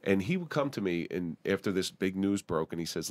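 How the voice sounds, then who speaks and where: A man's voice: low-pitched, expressive, brisk. A man from the Atlantic City area hosting a podcast, asking direct, probing questions and adding personal asides. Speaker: podcast host. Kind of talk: interview questions, casual talk.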